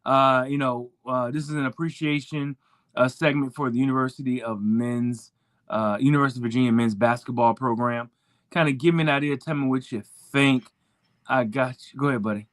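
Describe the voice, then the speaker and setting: A man's voice: mid-range voice, steady tone, fairly quick, no echo. Rambling sports talk show host, a man. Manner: rambling, lots of fillers and restarts.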